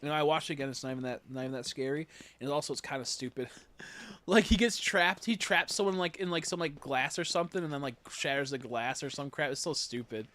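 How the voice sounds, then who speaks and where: A young man casually chatting on a game livestream, rambling and joking, jumping from loud bursts to low mutters. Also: fast talker. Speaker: streamer. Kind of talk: casual livestream chat while gaming.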